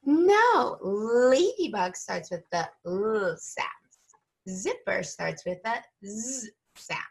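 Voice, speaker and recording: A woman teacher leading an early-reading lesson for young children, slow and patient, stretching out each sound. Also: a little high, huge pitch swings, gravelly.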